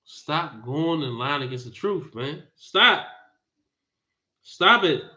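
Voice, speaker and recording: Male preacher, emphatic, scolding, high-ish forceful voice, dull lo-fi recording. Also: animated, slow pace. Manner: emphatic, repeats phrases, scolding. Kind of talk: bible teaching sermon.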